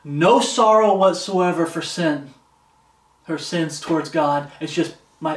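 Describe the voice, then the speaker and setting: A man's voice: a little high, slow. A man preaching an informal sermon, earnest and conversational, repeating phrases for emphasis and reading scripture aloud. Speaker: pastor. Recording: echoey room, distant mic.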